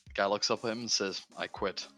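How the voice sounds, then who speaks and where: A young man chats casually on a game stream, his fairly low voice carrying a bright, forceful edge. He tells rambling jokes, tripping over his words and swearing as he goes. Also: little pitch movement, very fast, faint music behind. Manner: rambling joke-telling with stumbles and swearing.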